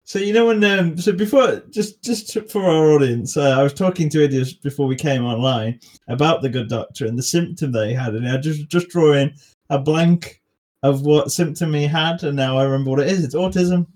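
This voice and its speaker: A man's voice: a little high, fairly quick, a little mellow. A young man hosting a casual podcast chat, hesitant and restarting his sentences, often breaking into laughter. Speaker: podcast host.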